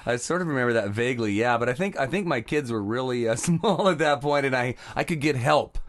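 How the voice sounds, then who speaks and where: A man's voice: mid-range voice, lively intonation, fairly quick. A man chatting as a guest on a podcast, jokey and rambling, chuckling through his answers. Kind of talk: casual podcast chat.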